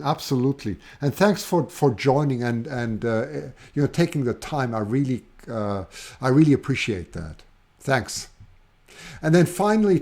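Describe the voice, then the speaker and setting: A man with a German accent hosting a live stream, chatting enthusiastically to viewers with many halting restarts. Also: mid-range voice, a little mellow. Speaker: host of a livestream. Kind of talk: casual live-stream chat.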